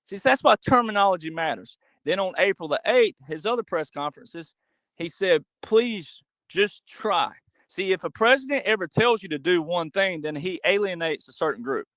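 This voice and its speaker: Emphatic man, higher voice, dry sound. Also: animated, a little fast, a bit bright, no echo, low-quality recording. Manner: emphatic, rhetorical questions; acts out quoted voices. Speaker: podcast guest. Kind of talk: animated monologue.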